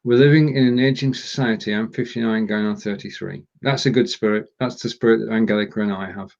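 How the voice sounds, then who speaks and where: A man's voice: on the low side, fairly even intonation, quick pace, gravelly, a little mellow, lo-fi sound. A man co-hosting a casual live language lesson, joking as he stumbles through German phrases. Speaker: co-host and learner.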